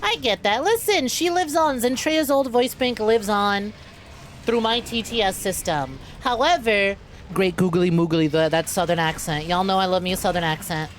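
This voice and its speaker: A woman's voice: medium pitch, moderate pace, slight background noise. A young adult woman streaming a game, chatting playfully with her viewers and laughing often. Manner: playful, laughing, talks to chat as y'all. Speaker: VTuber streamer. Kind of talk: casual gameplay streaming chat.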